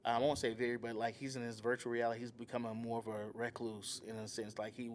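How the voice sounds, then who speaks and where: A man's voice: mid-range voice, fast, a little hiss or hum. A man in his thirties co-hosting a casual couch podcast, telling stories animatedly and acting out what his family says. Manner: animated storytelling, acting out quoted family members. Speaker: podcast co-host. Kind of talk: casual chat. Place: living room couch set.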